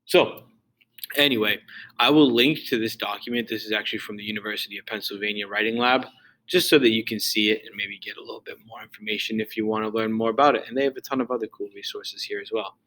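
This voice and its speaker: A man's voice: fairly low pitch, steady tone, fast talker, sharp tone, rough recording. A male teacher giving a loose, casual recorded lesson, full of fillers and restarts.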